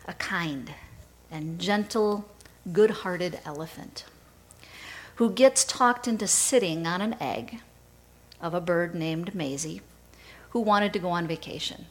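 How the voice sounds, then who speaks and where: A woman pastor preaching a sermon in a measured storytelling way. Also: lowish voice, poor audio.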